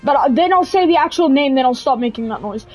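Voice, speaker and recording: A woman's voice: sits high, animated, quick pace, darkish tone, poor audio. A young South African woman, a native Afrikaans speaker, giving casual, hesitant gameplay commentary full of fillers. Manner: hesitant, many fillers and restarts. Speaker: gaming video creator.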